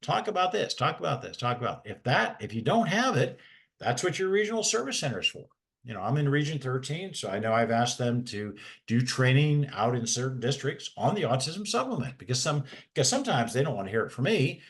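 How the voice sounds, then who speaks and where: A man's voice: mid-range voice, very animated, fairly quick. A man, a special education advocate, talking in a folksy, rambling way with many restarts. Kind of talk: casual webinar talk.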